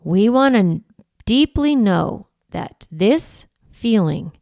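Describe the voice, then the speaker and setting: A woman hosting a parenting podcast, explaining calmly and acting out gentle phrases to say to an upset child. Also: medium pitch, slow pace, vocal fry, no room sound, studio quality. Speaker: parenting podcast host and coach. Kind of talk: instructional podcast monologue.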